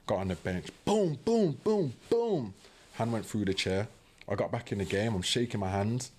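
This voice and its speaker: A man's voice: lowish voice, brisk. A young British man telling a personal story casually and animatedly, often asking "do you know what I mean". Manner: animated, acts out quoted voices. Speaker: podcast guest.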